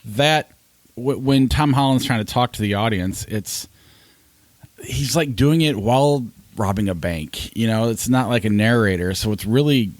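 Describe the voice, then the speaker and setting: A man's voice: medium pitch, normal speed, dry recording. A man hosting a movie podcast, bluntly criticizing a film with stumbling restarts. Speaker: podcast host. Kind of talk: casual podcast movie review.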